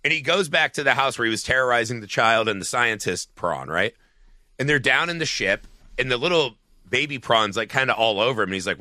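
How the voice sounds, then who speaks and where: A man with a very bright, forceful voice co-hosts a casual film podcast. He recounts scenes with swearing and animated energy. The sound is close and dry. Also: mid-range voice, brisk, dry recording. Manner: profane, animated scene retelling. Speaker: podcast co-host.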